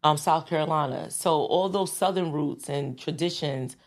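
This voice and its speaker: A low-voiced woman from the Bronx, New York, appears as a guest recording artist in a casual interview chat. She talks at normal speed, chatty, animated, and laughing, with many restarts and fillers.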